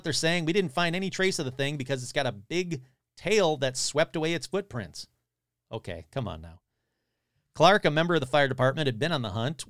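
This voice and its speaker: A man's voice: fairly high pitch, a bit bright, dry recording, studio quality. A man hosting a podcast, casually reading a newspaper article aloud and breaking off with wry, grumbling asides. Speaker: podcast host.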